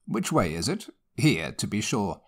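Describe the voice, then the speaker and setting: A man's voice: fairly low pitch, wildly swooping pitch, unhurried, a bit bright, exaggerated voice. A man voicing an impatient, commanding country squire who speaks brusquely.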